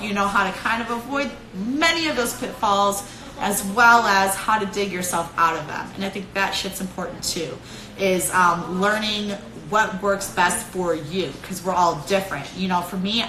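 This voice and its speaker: A young woman with a Cleveland accent talks straight into her phone on a live stream, swearing freely and laughing often. Her voice is bright and clear, and the room around her echoes. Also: mid-range voice. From Cleveland, Ohio. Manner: profane, animated, laughs often. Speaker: fighter streaming live to followers. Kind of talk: casual live-stream pep talk.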